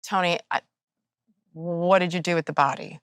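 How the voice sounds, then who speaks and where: A woman's voice: fairly low pitch, steady tone, moderate pace, fairly bright tone, clean tone, no room sound, clean studio sound. A woman host asking short, curious questions in an interview. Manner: curious, brief prompting questions.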